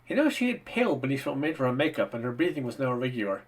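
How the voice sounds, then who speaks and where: A man narrating an audiobook with a steady, even storytelling delivery. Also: mid-range voice, very fast, poor audio. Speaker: audiobook reader.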